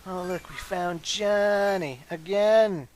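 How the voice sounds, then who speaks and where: A man's voice: high-pitched, slow pace, a little mellow, slight background noise. A man giving casual, chatty gameplay commentary as a let's play host, with frequent asides to viewers.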